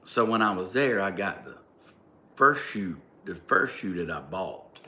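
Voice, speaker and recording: A man's voice: deep voice, lively intonation, a little slow, pushed and bright. A man with a Southern American accent telling a story in a rambling, casual way, leaning on "like" and breaking into emphatic bursts. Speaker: vlogger. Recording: roomy echo, faint ambience.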